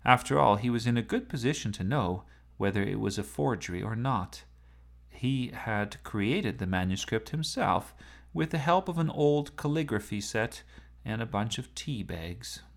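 A man narrating a story aloud in a playful, lively storytelling manner. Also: medium pitch, moderate pace, gravelly.

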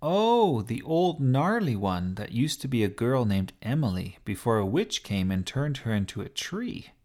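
A man voicing an excited, curious young girl in a children's story, speaking in a raised, eager voice. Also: a little slow. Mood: explaining. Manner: eager, explaining, raised pitch. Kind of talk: storybook character voice.

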